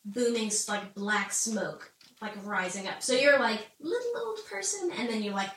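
Her voice is mid-range and a bit bright, moving at a moderate pace, and the mic sits far off in an echoey room with faint noise. She's a Bible study co-host explaining history casually, chatty, often laughing, with plenty of "like."

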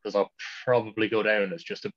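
Rambling Irish teen lad, lo-fi sound. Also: male voice, on the low side, level tone, a little fast. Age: teens. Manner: rambling storyteller, laughs mid-sentence. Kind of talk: casual chat. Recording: dull lo-fi sound.

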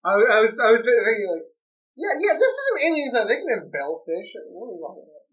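A laid-back speaker brainstorms a story in casual chat. The pitch sits at a middle level. They stammer often and repeat words as they think. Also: big pitch swings, quick pace, a bit bright, rough recording.

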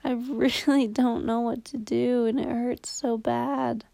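A young woman talks in a slow, low-key confessional way, swearing bluntly and often sinking into a whisper. Her voice sits a little high but sounds dark and mellow, with a gravelly fry. The sound is dry, with no room echo. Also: flat delivery. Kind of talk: casual confessional vlog.

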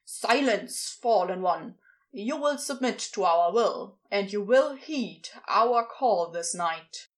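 A pompous cultist bellowing solemn orders in a storybook reading, as a woman narrator puts him on. The delivery is slow and ceremonial, with pitch that swings widely. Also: expressive. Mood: commanding. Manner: solemn, commanding. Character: commanding male cult leader.

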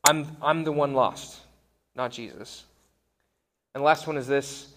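A man's voice: mid-range voice, fairly even intonation, measured pace, background noise. A man in his thirties giving a conversational sermon, wry and self-deprecating. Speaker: pastor.

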